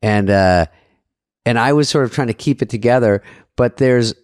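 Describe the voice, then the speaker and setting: Lively middle-aged man telling a story. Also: mid-range voice, normal speed, dry recording, clean studio sound. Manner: animated storyteller, self-mocking, swears freely. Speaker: podcast co-host. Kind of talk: casual chat, storytelling.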